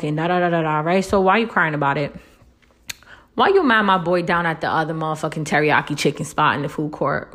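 A woman giving relationship advice in a casual monologue, blunt and profane, tagging nearly every point with a rhetorical "right?" and jumping much higher in pitch when she pushes a point. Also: moderate pace. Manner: lively, swoops up high when making a point.

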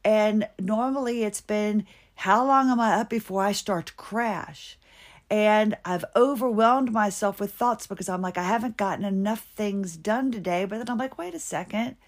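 A woman's voice: mid-range voice, moderate pace. A middle-aged woman hosting a podcast, talking anxiously and ramblingly about her health, with frequent restarts and shifting pace. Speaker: podcast host. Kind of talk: personal health monologue.

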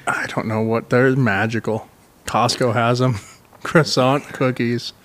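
A man's voice: medium pitch, little pitch movement, a little slow, a bit bright. Laughing, foul-mouthed podcast guy. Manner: laughs often, swears freely. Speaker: podcast co-host. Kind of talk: casual crude banter.

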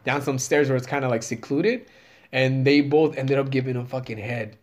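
A man's voice: medium pitch, normal speed, darkish tone. A man in his thirties, a comedian guest telling a story in casual chat, profane and rambling with many fillers.

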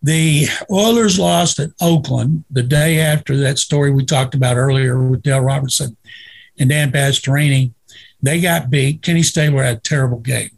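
An older man from Waco, a retired sportswriter telling lively anecdotes in a casual interview. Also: mid-range voice, moderate pace, creaky. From Waco, Texas. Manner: lively anecdotal storyteller, acts out quoted dialogue.

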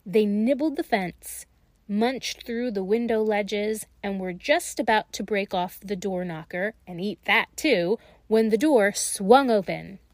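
A woman reading a fairy tale aloud in a slow, gentle and expressive way. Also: mid-range voice, no echo. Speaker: storyteller.

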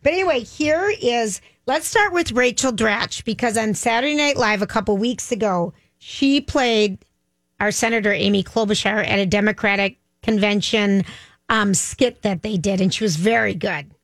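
A woman's voice: mid-range voice, normal speed, fairly bright tone, dry recording. Chatty woman radio host. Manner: chatty, enthusiastic. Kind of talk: casual chat.

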